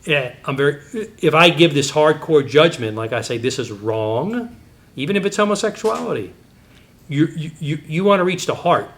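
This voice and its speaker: Speaking at a normal speed, this middle-aged man gives a teaching talk on Christian apologetics. His personal anecdotes are animated and wander off on tangents, marked by abrupt jumps in pitch.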